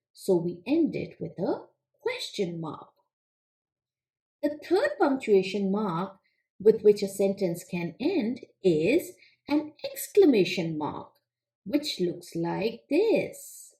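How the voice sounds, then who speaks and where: A woman teacher giving a children's lesson in a slow, clear, patient way. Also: a little high, dark tone. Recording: echoey room.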